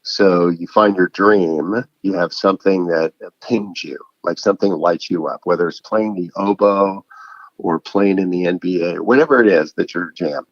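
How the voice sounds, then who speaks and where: Middle-aged male guest, husky and gravelly, casual, animated storyteller; dull dry recording. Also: sits low, normal speed, no room sound. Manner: animated, acts out phone calls in a raised voice. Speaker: guest author.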